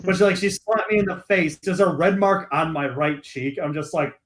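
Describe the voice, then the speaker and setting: Casting: young male podcaster, high-pitched, animated, swears freely while recounting a school story. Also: normal speed. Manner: animated, profane, acts out quoted voices. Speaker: podcast co-host. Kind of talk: casual storytelling chat.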